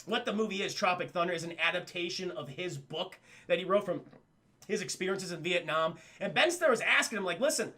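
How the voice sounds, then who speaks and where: A man reviewing a film live for his chat, excitable and profane, often calling out to the chat as he goes. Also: sits high, brisk. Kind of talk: casual live-stream film breakdown.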